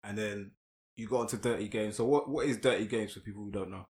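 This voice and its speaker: A man's voice: on the low side, fairly even intonation, fast talker, echoey room. A man with a London accent hosting a podcast, asking questions in an easygoing, teasing way. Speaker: podcast host. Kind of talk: casual podcast interview.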